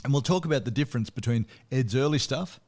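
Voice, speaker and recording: Relaxed man chatting about music. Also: mid-range voice, fast. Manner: relaxed storytelling with frequent fillers and restarts. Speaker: podcast host. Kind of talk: casual music podcast chat.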